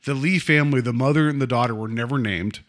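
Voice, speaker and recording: A man's voice: medium pitch, fast. A man co-hosting a podcast in casual chat, talking loosely about a story and acting out quotes. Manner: chatty, quotes others in animated voices. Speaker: podcast co-host.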